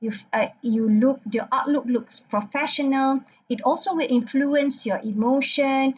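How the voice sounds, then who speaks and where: A woman's voice: high-pitched, unhurried, rough recording. A woman lecturer talking through her slides and checking in with "okay" again and again. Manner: frequent "okay" check-ins, non-native phrasing.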